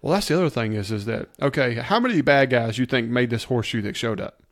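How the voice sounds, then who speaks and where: A man's voice: mid-range voice, animated, fast. A man co-hosting a podcast, breaking down a TV episode in casual chat, emphatic and explaining his points step by step. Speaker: podcast co-host.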